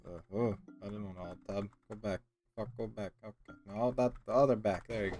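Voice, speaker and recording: A man's voice: lowish voice, brisk, a little mellow. A man giving casual, rambling let's-play commentary, joking and swearing as he plays. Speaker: gamer. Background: game music.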